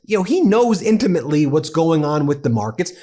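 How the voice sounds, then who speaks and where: A man hosting an online commentary show, excited and mocking as he reacts to clips. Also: fairly high pitch, brisk. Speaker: political commentary host. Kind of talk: casual opinion commentary.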